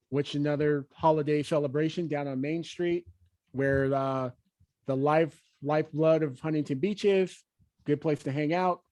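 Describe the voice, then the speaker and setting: A man's voice: on the high side, a little mellow, dry recording. A man co-hosting a casual real estate podcast, talking in an easygoing, rambling way with plenty of "uh" and "you know.". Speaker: podcast co-host, mortgage broker.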